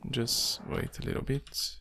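A man giving casual gameplay commentary and muttering to himself in a slow, halting way while he plays. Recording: noisy home recording with keyboard and mouse clicks.

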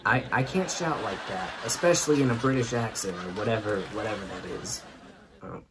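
A man's voice: lowish voice, normal speed, noisy background. A man hosting a show, telling a comic story and laughing through it. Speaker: host. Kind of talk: comedic storytelling.

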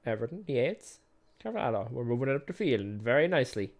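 This man's medium-pitched voice swings widely in pitch and moves fairly quickly. Hosting a gaming video, he calls the match play by play in casual let's-play style, chatty and self-deprecating with frequent laughter.

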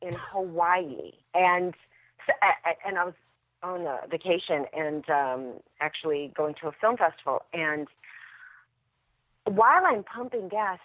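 A woman actress telling stories as a podcast guest, animated and laughing often. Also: lowish voice, a little slow, dry recording. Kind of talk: interview storytelling. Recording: dry tinny phone line.

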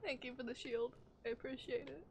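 A young woman playing a video game for the first time, giggly and going quiet when she gets spooked. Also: high-pitched, steady tone, brisk, a little hiss or hum. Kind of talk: casual let's-play chat.

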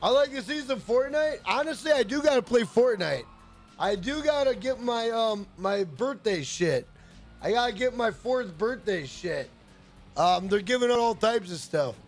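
A man's voice: extremely high pitch, animated, normal speed. A man streaming a video game live, hyped and profane, greeting and thanking chat members. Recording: faint music behind.

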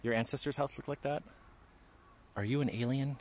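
A man's voice: medium pitch, fairly even intonation, moderate pace, darkish tone, slight background noise. A man livestreaming in a park forest, chatting and joking with his viewers. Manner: chatty, jokey, talks to viewers. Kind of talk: casual livestream chat.

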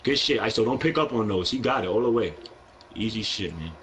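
A man's voice: on the low side, lively intonation, fairly quick, fairly bright tone, slight background noise, poor audio. A young man with a New York accent, live-streaming a basketball video game, talking in brash, profane trash talk with an aggressive edge. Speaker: gaming streamer.

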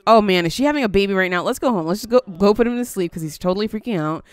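A woman's voice: medium pitch, expressive, rapid-fire, smooth, no echo. A woman giving casual let's-play commentary, chatty and easily surprised, coaxing her game character along. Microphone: headphones on, desk mic.

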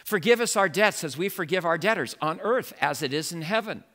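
A male pastor preaching a sermon in an animated way, building to emphatic exclamations. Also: high-pitched, a little fast.

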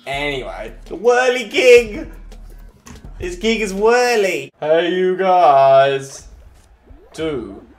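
An excitable man talks his way through a video game in casual chatter. His voice sits fairly high and bounces around an echoey room. Faint game music plays underneath. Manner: excitable, chatty, quick cries and laughs. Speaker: gaming channel host.

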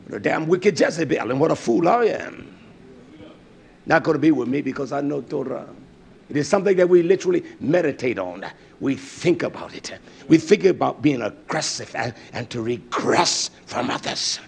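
A man preaching a fervent sermon, reading scripture with lots of fillers and hallelujahs. His voice sits high and carries a gravelly, husky edge. He swings between loud declarations and low mutters. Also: lively intonation, moderate pace. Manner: reads scripture aloud with many fillers and hallelujahs.

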